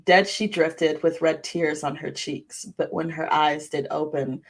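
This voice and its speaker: Creepy old seer woman with a mock Boston lilt, slow, low, drawn-out reading of dark dreams, as a woman puts her on. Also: steady tone. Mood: eerie. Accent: put-on Boston accent. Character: ancient female seer reciting eerie prophetic dreams.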